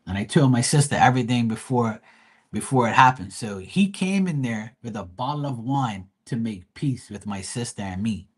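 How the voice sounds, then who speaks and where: A man's voice: mid-range voice, animated, normal speed, husky. A man from Bermuda, retelling a neighbor quarrel in a profane, heated way on a casual livestream. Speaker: live tarot reader.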